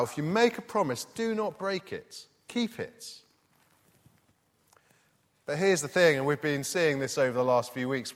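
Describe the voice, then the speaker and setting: Man, preacher, animated pitch, conversational sermon, long hall reverb. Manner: lively, conversational, reads scripture aloud.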